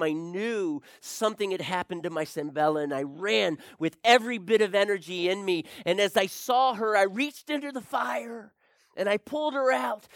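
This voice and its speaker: A man performing a dramatic first-person monologue, swinging between hushed whispers and anguished cries. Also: high voice, dry recording, clean studio sound. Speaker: storyteller.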